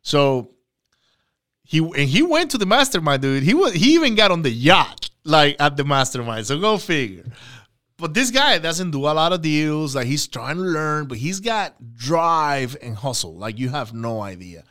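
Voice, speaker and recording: A man co-hosting a casual podcast, an animated storyteller who breaks off for quick asides and shout-outs. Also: a little high. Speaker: podcast co-host, real estate investor.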